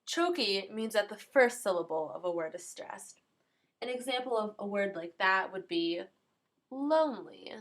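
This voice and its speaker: A woman's voice: mid-range voice, animated, normal speed, a bit bright. A young woman giving a plain educational explainer, working through a list of terms and giving an example for each.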